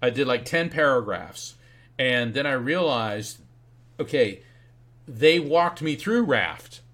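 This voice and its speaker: A man as a guest author and medium in an interview, telling a story in a lively way and acting out the voices he quotes. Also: medium pitch, slow.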